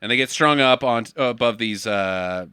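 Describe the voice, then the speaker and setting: A man's voice: mid-range voice, normal speed, pushed and bright, smooth, no room sound, studio quality. A man co-hosting a casual movie podcast, recapping the plot with jokey asides. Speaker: podcast co-host. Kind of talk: casual movie-riff chat.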